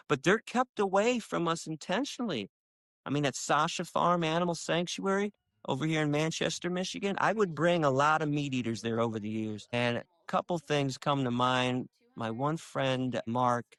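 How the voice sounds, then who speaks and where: Emphatic, impassioned man, dry sound. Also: no room sound. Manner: emphatic, acts out quoted dialogue with sharp jumps in pitch. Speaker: animal rights activist, interview guest. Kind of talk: impassioned conversational storytelling. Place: lives in Michigan.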